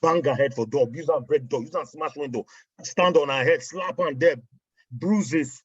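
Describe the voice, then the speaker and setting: A man's voice: fairly high pitch, normal speed, breathy edge, no room sound. A man with a Nigerian accent in casual chat, telling stories and mixing in pidgin phrases. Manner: mixes in pidgin, animated storytelling. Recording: dry, muffled audio.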